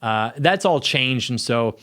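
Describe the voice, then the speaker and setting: A young adult man, a YouTube commentator, rambles casually to camera from a small home video studio, often cutting himself off mid-sentence. His mid-range voice is animated, pushed and bright, and he speaks slowly. His manner is offhand and self-interrupting.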